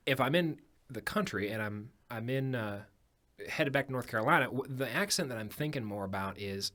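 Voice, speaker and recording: A man guesting on a studio podcast, musing aloud with frequent ums and pauses. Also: medium pitch, lively intonation, fairly bright tone. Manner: thoughtful, hesitant, many ums. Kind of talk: casual chat. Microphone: studio microphone.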